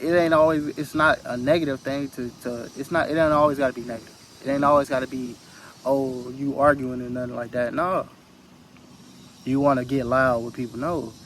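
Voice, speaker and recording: A man's voice: medium pitch, a little hiss or hum, low-quality recording. A man giving an earnest, rambling motivational talk into his phone outdoors, repeating phrases for emphasis. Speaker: spiritual vlogger.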